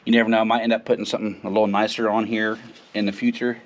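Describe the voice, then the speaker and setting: This garage vlogger talks at a rapid-fire clip with a fairly low, level voice, and there's a little hiss or hum on the recording. He's working on a car at home, giving folksy, filler-heavy how-to narration as he moves closer to and farther from the camera mic.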